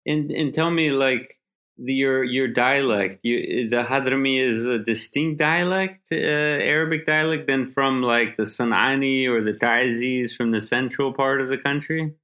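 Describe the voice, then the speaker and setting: Bright-voiced man asking easy questions. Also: medium pitch, measured pace. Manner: casual, prompting with "you know". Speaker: interviewer. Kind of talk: conversational interview questions.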